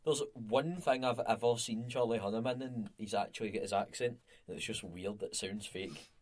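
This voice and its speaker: A man's voice: lowish voice, normal speed, darkish tone. Scottish man in blunt casual chat. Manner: blunt, swears. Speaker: podcast co-host.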